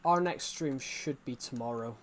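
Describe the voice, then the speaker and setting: A man's voice: mid-range voice, moderate pace, a little hiss or hum. Chatty young English man streaming. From England. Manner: rambling, chatty, many restarts and fillers. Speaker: gaming streamer. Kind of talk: casual live-stream chat.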